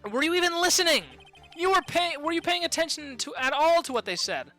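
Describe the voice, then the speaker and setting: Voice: extremely high pitch, animated, fairly quick, sharp tone, soft background music, voice pushed up, full character voice. A streamer voicing a nervous, easily exasperated young male defense lawyer.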